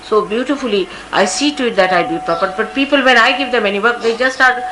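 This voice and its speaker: A woman's voice: a little high, fast talker, poor audio. An older woman with an Indian English accent, giving a spiritual talk full of anecdotes and asides. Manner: anecdotal, conversational, often says "you see". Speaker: spiritual teacher. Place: large indoor gathering.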